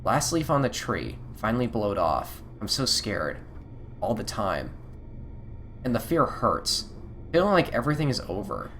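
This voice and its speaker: A tired, frightened young cat woman speaks her fears in a quiet, hushed murmur, as a man reads her lines from a game. The voice rises and falls with lively pitch even while low. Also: slight background noise. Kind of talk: reading game dialogue aloud.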